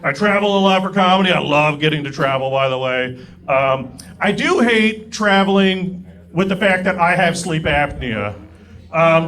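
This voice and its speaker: Young male comic, high voice, self-mocking stand-up, live club audience laughing. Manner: animated, self-mocking delivery. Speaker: stand-up comedian. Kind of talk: stand-up set. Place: comedy club stage. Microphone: stage mic. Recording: live club recording with crowd.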